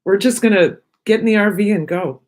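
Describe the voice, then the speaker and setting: A woman's voice: mid-range voice, a little fast, darkish tone. A middle-aged woman chatting casually on her own live stream, rambling from one thought to the next while she eats. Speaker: vlogger on her own channel.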